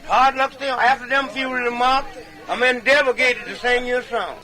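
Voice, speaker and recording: A man's voice: extremely high pitch, steady tone, moderate pace, pushed and bright, rough recording. A man telling comic tall tales in a folksy, drawling way, chuckling between punchlines like a medicine show comedian. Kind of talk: comic tall-tale storytelling.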